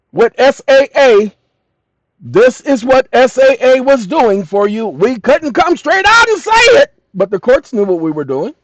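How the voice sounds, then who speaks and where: A man hosting his channel, lecturing viewers emphatically and addressing them as "ladies and gentlemen", sometimes dictating text slowly and deliberately. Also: extremely high pitch, no echo, dull audio. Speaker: channel host.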